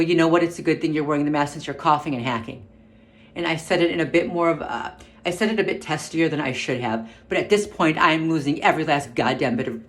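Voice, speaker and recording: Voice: medium pitch, a bit bright. A vlogger ranting to the camera in barely held-back anger, stumbling and restarting as they speak while they try to keep their temper. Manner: agitated, restrained anger, repeated restarts. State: upset, on the verge of an outburst. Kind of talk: angry personal rant to camera. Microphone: camera mic.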